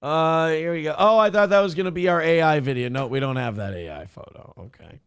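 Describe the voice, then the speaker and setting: A man's voice: fairly high pitch, a little fast, smooth, dry recording, studio quality. A man hosting a morning show, talking in a crude, profane and mocking way as casual opinionated chat.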